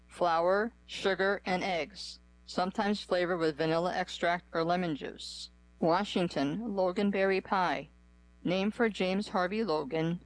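A reader on a radio reading service, working through a magazine article aloud in an even, measured way with pauses between items. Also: medium pitch, low-quality recording.

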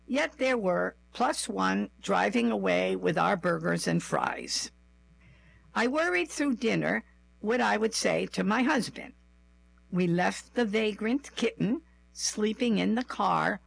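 A woman reads her own memoir at an unhurried pace, dry and self-mocking. Her voice is heavily gravelly and husky. Her pitch moves a lot from line to line. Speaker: storyteller. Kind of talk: first-person memoir reading.

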